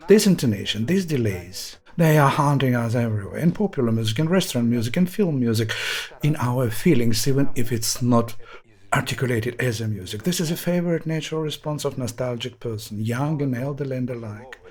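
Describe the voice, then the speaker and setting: A man in his sixties, a pianist, explaining a piece of music in an emphatic, impassioned way with long pauses. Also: medium pitch, expressive, a little mellow, husky. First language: Russian. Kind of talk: musical analysis talk.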